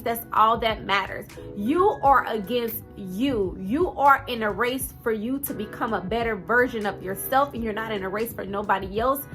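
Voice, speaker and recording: A woman in her thirties with a noticeable twang gives a heartfelt motivational talk straight to her viewers. Her voice sits high and rings bright, and she speaks in a casual, earnest way, with fillers sprinkled throughout. Soft music plays faintly underneath. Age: 30s. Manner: earnest, direct, conversational with fillers. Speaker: vlogger.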